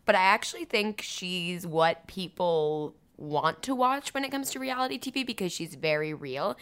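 A woman with a bright, slightly low voice talks on a podcast. She muses aloud, hedging often with "I think" and "I don't know". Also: expressive, normal speed, clean tone. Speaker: podcast co-host. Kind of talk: casual chat.

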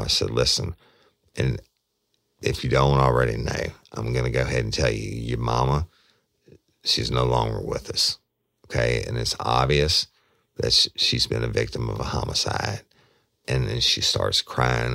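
A man's voice: extremely low pitch, moderate pace, vocal fry, a bit bright, no room sound, clean studio sound. A man, a former detective, telling a true crime story in a folksy way and replaying the dialogue line by line. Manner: folksy, retells dialogue with repeated "I said".

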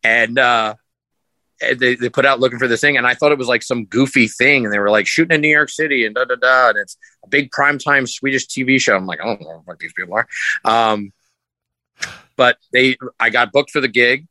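A man's voice: medium pitch, brisk, no echo, rough recording. A man, a sideshow performer, telling rambling stories as a podcast guest and acting out what people said. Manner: rambling, animated, acts out quotes in raised voice. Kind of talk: casual storytelling.

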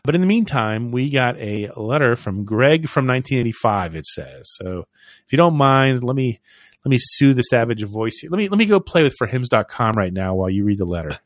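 A man's voice: mid-range voice, big pitch swings, a little fast, dry recording, clean studio sound. Self-deprecating male podcast co-host. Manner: self-deprecating, rambling, jokey. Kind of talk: casual podcast chat.

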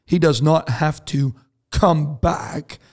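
A man's voice: on the high side, slow, a little mellow. A man, a pastor co-hosting a Christian podcast, answering a listener's question thoughtfully and step by step. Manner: thoughtful, explains scripture step by step. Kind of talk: casual podcast chat.

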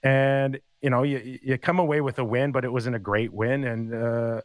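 A man's voice: medium pitch, normal speed, hardly any pauses, dry recording. A man in his fifties, a former hockey player, telling stories in a casual chat and acting out the quotes. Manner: animated storyteller acting out quotes.

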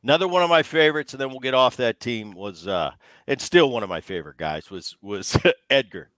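A middle-aged man hosts a relaxed sports chat, spinning clubhouse stories and slipping into quick impressions of other people. His pitch swings widely as he talks. The sound is close and dry, with no room around it. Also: no echo. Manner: animated storyteller, mimics others in quotes. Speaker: podcast host, former ballplayer. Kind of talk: casual sports podcast chat.

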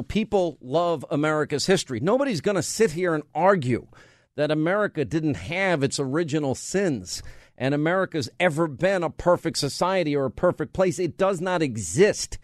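This talk radio host, a man with a slightly high voice and lively intonation, speaks at a normal pace while tossing out rhetorical questions and joking with his crew. It's a conservative monologue recorded on a studio mic with no echo.

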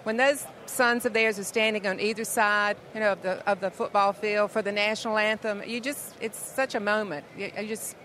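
A woman's voice: mid-range voice, steady tone, normal speed, few pauses, a bit bright, a little hiss or hum. An older woman, a football player's mother, chatting as a guest in a casual interview on an outdoor event set, gracious and prone to restarts.

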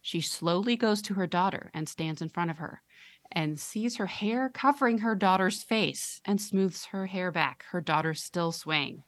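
A woman podcast host reading a listener's horror story aloud with dramatic, drawn-out storytelling on a close mic. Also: fairly low pitch, expressive, a bit bright, no room sound.

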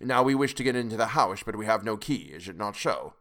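A male reader brings an audiobook's wise, patient elderly professor to life as he deliberately lectures through his plan. Low and unhurried, he weighs every word in a measured mood, with lively intonation and a fairly bright tone.

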